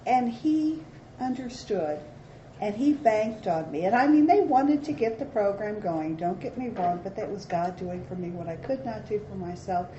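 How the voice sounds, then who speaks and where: A woman's voice: medium pitch, animated, moderate pace, dark tone. A middle-aged woman giving a candid, self-deprecating recovery talk to a meeting. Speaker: AA speaker. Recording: roomy, dull hall recording with faint hiss.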